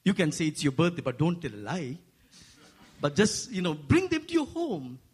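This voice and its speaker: Male preacher, Asian-accented English, husky, voice a touch high, climbs higher when stressing points, jokes with the crowd. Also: normal speed. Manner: rising to animated, high-pitched emphasis; playful asides with the congregation. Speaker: guest preacher. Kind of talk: sermon.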